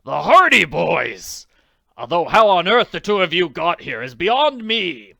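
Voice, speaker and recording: A man voicing an angry, blustering villainous pilot, shouting impatiently. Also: sits high, big pitch swings, measured pace, gravelly, dry recording, pitched above the performer's own voice, exaggerated voice. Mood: bitter.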